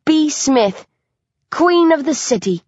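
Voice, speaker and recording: A woman reading a first-person audiobook aloud with lively storytelling and a sly, dry humor. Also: high-pitched, slow pace, no room sound. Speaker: audiobook narrator. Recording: dull lo-fi dry recording.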